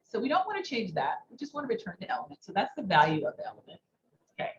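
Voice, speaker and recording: A woman's voice: a little high, wildly swooping pitch, very fast. A woman instructor teaching a live coding lesson, thinking aloud and asking rhetorical questions. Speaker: workshop instructor. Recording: dull muffled sound, faint background noise.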